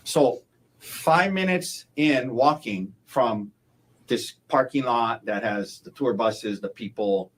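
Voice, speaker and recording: Man, defense attorney, courtroom cross-examination, mid-range voice, halting, repetitive leading questions. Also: mid-range voice, slightly rough, rough recording. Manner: halting, repeats words, ends with "correct?".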